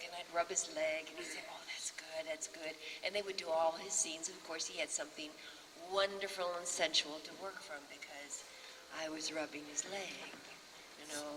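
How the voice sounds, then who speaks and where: A woman in her sixties, an actress on a panel, lively and acting out other people's lines as she tells a story. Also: low voice, moderate pace. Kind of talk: storytelling anecdote. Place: festival panel in a hall. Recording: reverberant hall, faint background hum.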